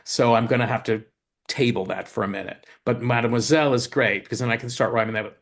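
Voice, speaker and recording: A man's voice: mid-range voice, a bit bright. Eager man explaining his craft. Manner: eager explainer, thinks aloud with quick restarts. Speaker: lyricist and co-host. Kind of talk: casual craft talk.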